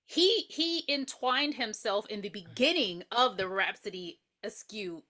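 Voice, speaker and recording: A woman's voice: mid-range voice, expressive, unhurried, sharp tone. A woman co-hosting a podcast, explaining movie plot points in a casual, matter-of-fact way. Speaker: podcast co-host. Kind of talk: casual movie recap chat.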